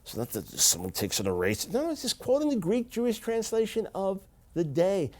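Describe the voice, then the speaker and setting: A middle-aged man teaching the Bible to camera in an animated, emphatic way, repeating key phrases. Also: sits high, a little fast.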